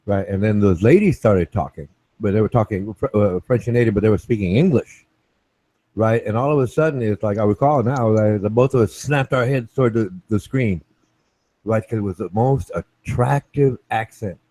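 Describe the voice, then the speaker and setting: A man with a low, mellow voice hosts a casual talk show and keeps circling back to his point. He restarts sentences and checks in with "right?", speaking from a dry, close space. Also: normal speed, no echo. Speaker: show host. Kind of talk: casual chat.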